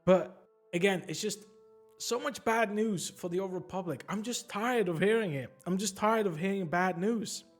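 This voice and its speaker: A man's voice: high-pitched, moderate pace, faint music behind. A young man giving a casual opinion vlog about a video game, exasperated and swearing at times. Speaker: gaming commentator.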